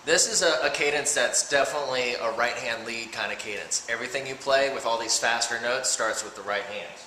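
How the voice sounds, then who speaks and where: A man's voice: mid-range voice, a little fast, background noise. Man teaching drums in an echoey room. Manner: explains patterns step by step, speaking rhythms aloud. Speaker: drum teacher. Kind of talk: casual instructional talk. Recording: very echoey room with loud drumming.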